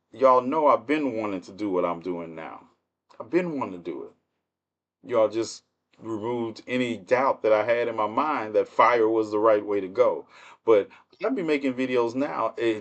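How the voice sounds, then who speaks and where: A man hosting a livestream with casual political commentary, speaking in with a mocking, laughing, rhetorical manner. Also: mid-range voice. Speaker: livestream host.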